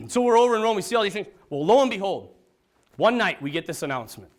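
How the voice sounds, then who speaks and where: A man, a priest, telling a personal story to an audience, swinging from hushed to excited. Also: high-pitched, quick pace. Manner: lively, dramatic swings from hushed to excited, laughs often. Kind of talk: animated storytelling talk to an audience.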